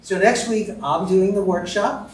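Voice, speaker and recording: Man, fairly high voice, earnest sermon, echoey room, faint noise. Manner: earnest, unhurried, with fillers. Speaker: practitioner and speaker at a spiritual center. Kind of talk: sermon to a congregation. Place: church hall. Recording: roomy distant sound with faint noise.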